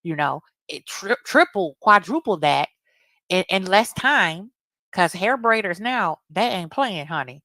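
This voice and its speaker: Low-voiced indignant woman ranting. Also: bright, forceful tone, no room sound. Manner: blunt, indignant, repeats herself. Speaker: commentary streamer. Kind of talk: reaction rant.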